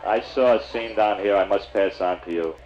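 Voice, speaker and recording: A man's voice: fairly low pitch, moderate pace, lo-fi sound. A man doing a stand-up routine, chatting with the audience in a confiding storyteller's manner. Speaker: comedian and emcee.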